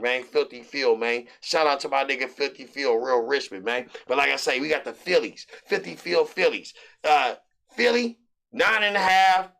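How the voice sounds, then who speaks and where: Male host, fairly high, gravelly voice, loose hype delivery of sports betting picks. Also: pushed and bright.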